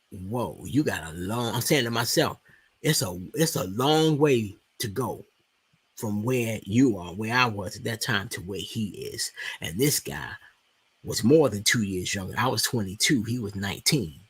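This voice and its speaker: A man's voice: medium pitch, a bit bright, breathy edge, no room sound. A man in his forties with a Washington DC accent, telling a heated, profane story in a casual rant full of restarts. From Washington DC, USA. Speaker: stock market video host. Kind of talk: casual ranting monologue.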